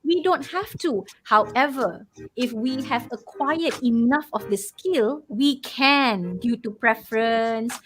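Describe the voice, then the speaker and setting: Malaysian lady english coach, high voice, explains patiently, drops malay words in. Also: slow pace. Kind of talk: casual chat.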